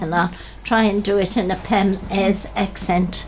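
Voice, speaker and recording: Slow, measured woman reading poetry. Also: medium pitch, little pitch movement, a little hiss or hum. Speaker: guest poetry reader. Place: small radio studio with cameras. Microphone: studio microphone.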